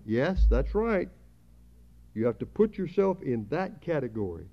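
A man preaching a sermon at a church service, emphatic, swelling louder on key words. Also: fairly high pitch, big pitch swings, measured pace. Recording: dull lo-fi sermon recording.

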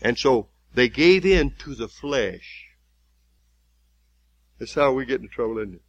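Folksy preacher man, lively pitch. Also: gravelly, highs cut off. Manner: folksy, rises to loud emphatic preaching with slow repeated lines. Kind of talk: sermon.

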